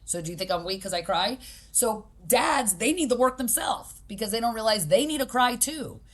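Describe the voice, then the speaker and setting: A woman's voice: a little high, expressive, normal speed. Emphatic woman talking in an interview. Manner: emphatic, acts out quoted people; direct, pragmatic. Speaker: podcast guest, boxing gym owner. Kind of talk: conversational interview.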